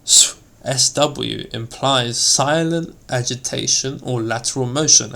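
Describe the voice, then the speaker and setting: A man reads aloud from an old textbook on elocution, taking his time over every phrase. His voice is gravelly and his pace unhurried. He gives the sample words their own sound as he lists them. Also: mid-range voice, sharp tone. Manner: slow deliberate reading, acting out example words. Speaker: reader of an old elocution text. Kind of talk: scripted reading aloud.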